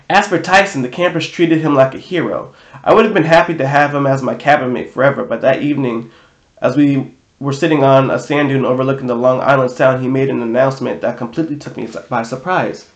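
A man reads a novel aloud at an ordinary middle pitch. He reads casually and corrects his own slips as he goes, and his voice carries a roomy echo. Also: quick pace. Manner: casual reading with self-corrections. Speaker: audiobook reader.

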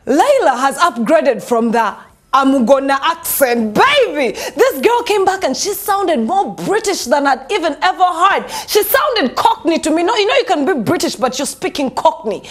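A woman's voice: high voice, sing-song, normal speed. A Ugandan woman hosting a celebrity gossip show, sassy and mocking, laughing through her commentary.

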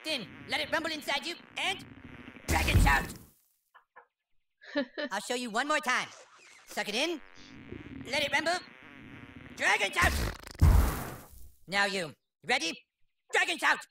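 A man's voice: very high voice, animated, normal speed, gravelly, long pauses, noisy background, full character voice. A man voicing a bossy, pompous boy who plays a grand wizard, with a crude and commanding manner, in video game voice acting. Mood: instructing. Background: game music.

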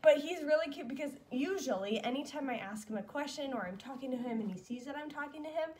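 A woman's voice: high-pitched, expressive, fast talker, darkish tone. A young woman vlogging as a mom, chatting fondly and casually with lots of fillers. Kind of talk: casual chat.

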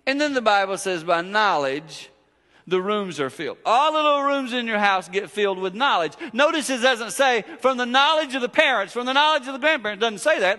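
Bright-voiced man preaching in an echoey church. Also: a little high. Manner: animated, acts out family dialogue. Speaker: guest preacher. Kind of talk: storytelling sermon. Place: church sanctuary. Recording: long echo of a church hall.

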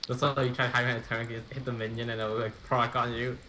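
A man's voice: mid-range voice, flat delivery, fast, bright, forceful tone, slight background noise. A young man talking offhandedly and mocking his friend during a one-on-one game. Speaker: friend and opponent. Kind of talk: casual gameplay chat.

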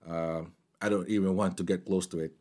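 At his home desk, a tech reviewer casually tests condenser mics, moving to different distances from them as he talks. His voice is low, steady, a bit mellow and slightly fast, and he chats freely, switching between English and Filipino phrases.

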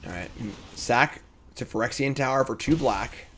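A man streaming a card game, thinking aloud through his plays and breaking into excited outbursts as he talks to chat. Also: mid-range voice, normal speed, a little hiss or hum. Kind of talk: casual gameplay commentary.

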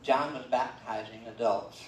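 A man's voice: medium pitch, steady tone, unhurried, a little hiss or hum. An older man preaching a sermon as pastor, talking conversationally with many fillers and "okay?" check-ins. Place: church sanctuary. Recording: roomy, distant church livestream.

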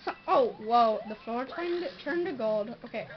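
A young woman playing a jumpy sidekick brother during a game, shrieking and chattering excitedly. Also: a little high, normal speed, lightly acted. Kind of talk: goofy game commentary in character. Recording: dull lo-fi audio.

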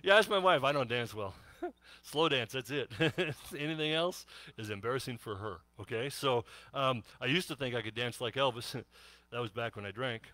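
A man's voice: mid-range voice, moderate pace, sharp tone, dry recording. A middle-aged man preaching a sermon, telling jokes and laughing often in a chatty way. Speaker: pastor.

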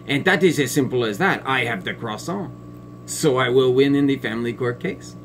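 A man playing a smug, biased female family court judge in a satirical sketch, talking in a pompous, condescending way with drawn-out sneering pauses. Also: medium pitch, animated, background noise, close to an everyday voice. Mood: sneering contempt. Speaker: comedic sketch performer.

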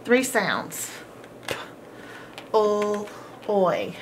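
A woman teaches a homeschool phonics lesson at an extremely slow pace, stretching and repeating each sound. She praises the listener warmly between words. A faint background hiss runs under her voice. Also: mid-range voice, big pitch swings.

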